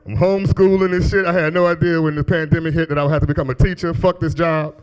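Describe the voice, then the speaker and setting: A man in his thirties with a deep voice, doing a profane, animated stand-up comedy set on a club stage into a handheld mic. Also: a little fast, low-quality recording. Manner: profane, animated storytelling with exaggerated quoted voices.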